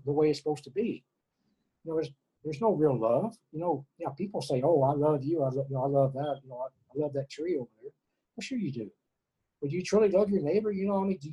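A man's voice: fairly high pitch, warm tone, breathy edge, poor audio. A middle-aged man from Texas, an interview guest speaking earnestly and emotionally about spirituality, often repeating words and restarting. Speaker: interview guest, former prisoner.

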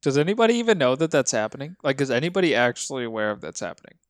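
A man's voice: medium pitch, very animated, racing, no echo, clean studio sound. A man co-hosting a podcast, telling a sports story in casual chat and acting out the people he quotes. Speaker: podcast co-host.

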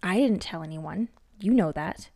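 A woman's voice: on the low side, animated, normal speed, gravelly, mellow. A woman voicing a frightened older mother who stammers and shakes as she speaks. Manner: stammering, shaky, rising in panic.

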